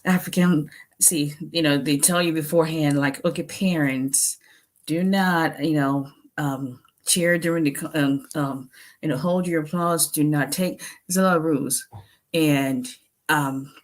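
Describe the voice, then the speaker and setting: A woman with a Nigerian accent, an immigration attorney chatting casually with viewers on a livestream, sounding tired after a long day. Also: low-pitched. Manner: chatty, laughing, greets viewers by name.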